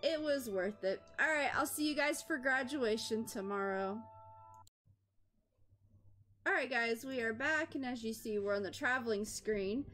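Woman host, unhurried let's-play commentary, reads game actions aloud, light music bed. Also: fairly high pitch, fairly bright tone. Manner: chatty, reads out game actions as she plays. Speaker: gameplay host.

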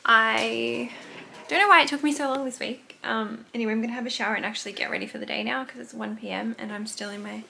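A young woman in her twenties chatting casually to her camera for a vlog, giggly and quick to swear. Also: fairly high pitch, steady tone, creaky, pushed and bright, a little hiss or hum. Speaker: vlogger.

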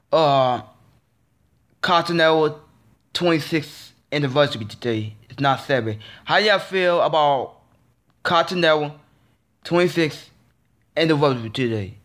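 A man's voice: a little high, fairly bright tone. A man vlogging a frustrated, casual rant, repeating himself and stammering through restarts. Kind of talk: ranting casual monologue.

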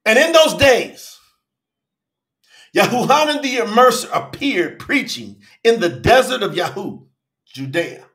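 Fervent high-voiced preacher in an echoey room. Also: male voice, very animated, unhurried. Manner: fervent, calls out to viewers by name; swings between shouting and low murmurs. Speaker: preacher hosting a live Bible study. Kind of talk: livestream sermon.

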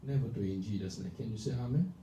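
A male pastor preaching a sermon, emphatic and animated, often asking the congregation whether they understand. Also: fairly low pitch, very fast. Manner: animated, emphatic, calls for responses. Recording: echoey room from far off, faint noise.

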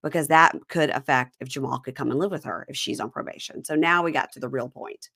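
A woman hosting a podcast, casually recapping a reality show in an animated storytelling way. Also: rumbling low, quick pace, husky. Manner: animated storyteller, recounting scenes. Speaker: podcast host.

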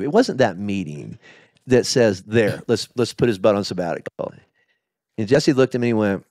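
A middle-aged man, a pastor, telling his story in a candid interview, halting with many restarts. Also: medium pitch, expressive, darkish tone, no echo, studio quality. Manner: emotional, halting, with many restarts and quoted asides. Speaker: lead pastor.

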